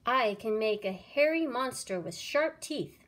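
A woman's voice: medium pitch, expressive, a little slow, fairly bright tone. A bragging, jealous wizard from a children's storybook, read out by a woman. His boasts swing widely up and down, and he bellows them at the others. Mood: boastful.

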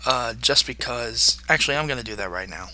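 A man's voice: medium pitch, expressive, fairly quick, sharp tone, a little hiss or hum. A man giving chatty video game commentary, joking and talking to the monsters in the game. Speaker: gamer.

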